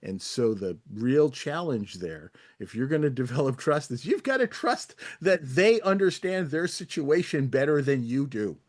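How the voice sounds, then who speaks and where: A man's voice: mid-range voice, lively intonation, moderate pace, few pauses. A man on an online group discussion, making thoughtful points and using playful examples to illustrate them. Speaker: panel participant.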